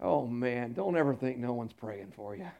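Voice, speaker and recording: A man preaching a sermon to his congregation, emphatic, moving between loud declarations and quiet, intimate asides. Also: medium pitch, animated, normal speed, vocal fry, dull audio. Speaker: pastor. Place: church sanctuary.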